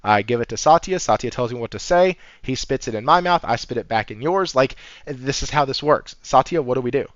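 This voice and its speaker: A man's voice: mid-range voice, expressive, brisk, dry recording, lo-fi sound, lightly acted. A man voicing a flustered, stammering male executive underling who sounds helpless.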